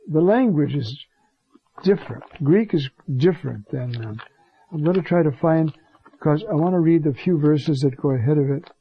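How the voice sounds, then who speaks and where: A man, a priest, giving an informal homily on scripture, conversational and digressive, dropping to a soft hush when he quotes a prayer. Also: on the high side, husky, no room sound, highs cut off.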